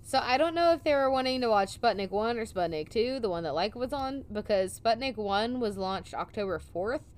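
A woman's voice: fairly high pitch, brisk. A woman co-hosting a casual chat, telling a story and acting out the quotes with laughs. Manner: animated, acts out quotes with laughs. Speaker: podcast co-host telling a story.

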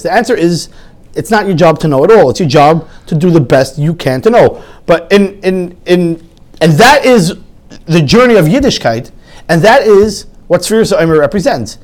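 A man giving an animated sermon full of stories, often restarting his sentences and acting out quotes. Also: sits high, normal speed. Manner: lively, frequent restarts, acts out quotes.

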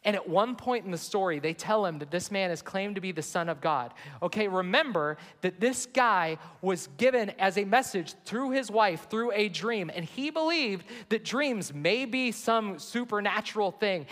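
A man's voice: high voice, fairly bright tone. A man, a pastor, preaching an earnest sermon to his church and reading scripture aloud. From United States. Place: large church sanctuary. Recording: long hall reverb.

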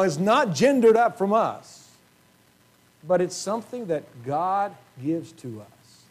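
A male pastor preaching a sermon to his congregation, earnest, often clearing his throat and asking rhetorical questions. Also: mid-range voice. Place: church sanctuary.

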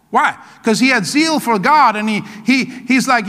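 Fiery, bright-voiced male pastor preaching. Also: very high-pitched, animated, moderate pace. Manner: exclamatory, call-and-response, keeps urging "come on". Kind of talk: energetic sermon. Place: church sanctuary. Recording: long church hall reverb.

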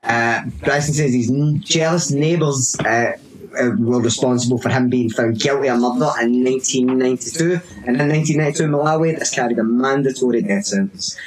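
A man's voice: mid-range voice, a little fast, a crowd in the background, poor audio. A man telling a story to friends in casual podcast chat, loose and laughing, reading bits aloud with asides. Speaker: podcast co-host.

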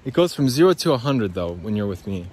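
A man's voice: fairly low pitch, very animated, brisk, a little mellow, slightly rough. A man rambling and swearing through a podcast monologue as he walks outdoors by a creek. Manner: rambling, profane, talks to listeners as guys. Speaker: podcast host. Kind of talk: rambling walk-and-talk monologue.

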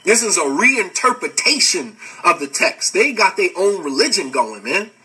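Man, podcast host, casual lecture, very bright tone, husky. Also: sits high, moderate pace, distant mic, low-quality recording. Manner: animated, street-casual, laughs often. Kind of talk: casual lecture answering live comments.

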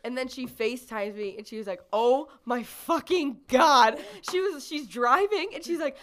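A young woman in her twenties chatting casually on a podcast. She is excitable and blunt, and she laughs loudly. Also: high voice, brisk. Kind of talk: casual chat.

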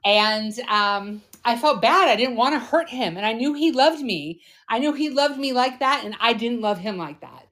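Woman co-host, 40s, higher pitch, confessional and earnest in a candid chat. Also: lively intonation, normal speed, hardly any pauses. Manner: earnest, confessional, trails off softly. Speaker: podcast co-host.

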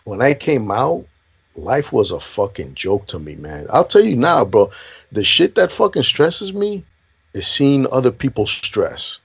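Profane, husky-voiced veteran man telling stories. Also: medium pitch, measured pace. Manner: profane, animated storyteller, says bro and man a lot. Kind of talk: casual chat, storytelling.

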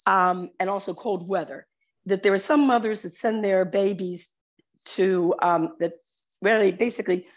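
A woman chatting casually as a guest, rambling through stories and laughing easily. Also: medium pitch. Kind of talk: casual chat and joke telling.

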